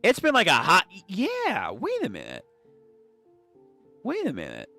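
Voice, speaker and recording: Excitable young man reacting to manga. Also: high-pitched, a little slow, creaky, faint music behind. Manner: excitable, swears, stumbles over names. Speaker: channel host reading manga aloud. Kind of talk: casual read-through with live reactions.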